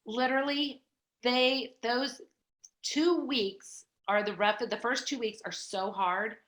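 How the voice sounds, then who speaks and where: A middle-aged woman, a podcast guest, telling a personal story in a chatty, animated way with many fillers. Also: fairly high pitch, slow. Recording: echoey room.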